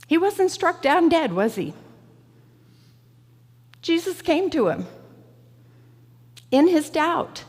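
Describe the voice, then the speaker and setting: A woman preaching a reflective, personal sermon in a church sanctuary, slow and deliberate. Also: fairly high pitch. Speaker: guest preacher. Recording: church hall reverb.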